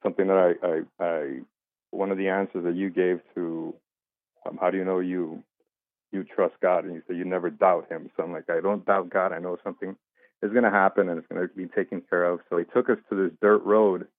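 A low-pitched man tells a personal story in a relaxed, conversational way, slipping into the voices of the people in it. His voice comes through a thin, phone-like line with a dry, close sound. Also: a little fast, no room sound. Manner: animated retelling, acts out quoted voices. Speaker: interview guest. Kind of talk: casual storytelling.

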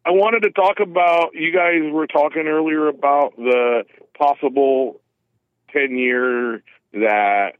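A man calling in by phone, rambling and halting with self-deprecating restarts. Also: a little high, no room sound. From California. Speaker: caller. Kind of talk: phone call-in chat. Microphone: telephone. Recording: tinny phone line.

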